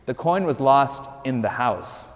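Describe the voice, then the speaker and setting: Male priest, mid-range voice, casual storyteller with dry humor, booming church reverb. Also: expressive, a little slow. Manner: conversational, lightly joking storytelling. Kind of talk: sermon.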